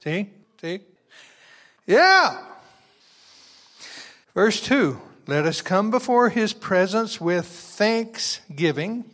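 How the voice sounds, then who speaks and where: A male preacher with a high, light voice who takes his time, letting each phrase land. He reads scripture verse by verse and drifts between soft, chatty asides to the congregation and loud, joyful exclamations. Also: expressive, slow pace, hardly any pauses. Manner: swings from quiet asides to loud exuberant exclamations. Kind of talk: sermon with scripture reading.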